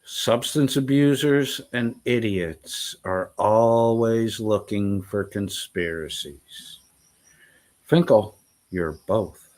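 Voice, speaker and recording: Scornful man ranting slowly. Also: fairly low pitch, darkish tone. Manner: scornful, profane and insulting. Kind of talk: ranting commentary.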